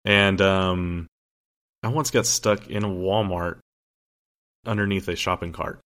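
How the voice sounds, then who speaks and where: Deep-voiced joking male podcast host. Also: steady tone, measured pace, a bit bright. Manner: joking, rambling storyteller with many fillers and restarts. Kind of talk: casual podcast chat.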